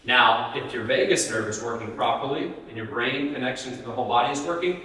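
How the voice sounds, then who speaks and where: A man's voice: medium pitch, fairly quick, sharp tone. A man giving a live health talk, speaking conversationally and often putting questions to the audience. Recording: roomy hall, distant mic.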